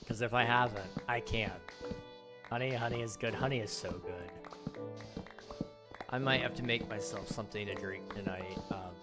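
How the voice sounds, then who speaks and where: Hoarse man chatting on a stream. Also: on the low side, steady tone, moderate pace, pauses often. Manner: rambling, self-mocking, laughs often. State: hoarse, losing his voice. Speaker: game streamer. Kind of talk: casual livestream chat. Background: music.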